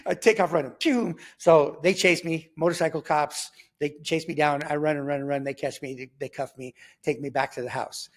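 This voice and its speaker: A man, telling his life story in a casual, animated way, acting out quotes and laughing as he goes. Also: a little high, a little fast, hardly any pauses. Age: 50s. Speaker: guest telling his testimony. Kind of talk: conversational storytelling.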